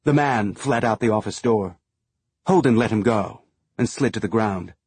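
A man reading an audiobook in steady, measured scripted narration. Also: lowish voice, breathy edge, dry recording.

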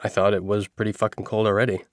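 A man reading a novel aloud as a first-person narrator, in a steady storytelling manner. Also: on the low side, fast talker, dry recording, studio quality. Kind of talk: audiobook narration.

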